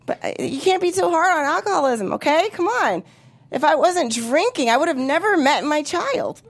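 A woman in her thirties doing a stand-up set with a high voice. She delivers her bits bluntly and with plenty of profanity, and she lands her lines with punch. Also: lively intonation, normal speed, vocal fry. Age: 30s. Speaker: stand-up comedian.

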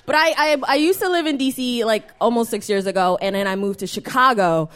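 A young adult woman performing a live stand-up set in a small venue, animated and self-mocking, often laughing at her own jokes. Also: a little high, fairly quick, clear, resonant tone. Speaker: stand-up comedian.

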